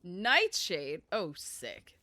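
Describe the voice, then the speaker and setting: A woman streamer chatting casually over her gameplay in an animated way, laughing often. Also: lowish voice, extremely slow, dry recording.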